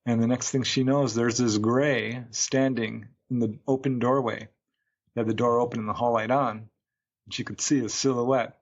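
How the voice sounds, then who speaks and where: A man's voice: medium pitch, fairly even intonation, moderate pace, lo-fi sound. A man, a UFO researcher, recounting a case as a guest in a podcast interview, a chatty storyteller who acts out quotes.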